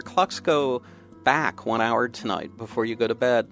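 A man's voice: medium pitch, a little slow, gravelly, a bit bright, faint music behind. A man hosting a radio talk show from the studio, chatty and giving out call-in details. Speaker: radio host.

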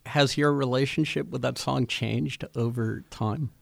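A man hosting a radio interview, rambling and halting, with many restarts and fillers. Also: mid-range voice, fairly even intonation, vocal fry, no echo. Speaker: radio host.

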